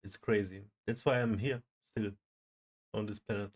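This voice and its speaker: A man's voice: on the low side, steady tone, normal speed. A man streaming a reaction to a video, making short, reflective and personal remarks. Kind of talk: casual reaction commentary.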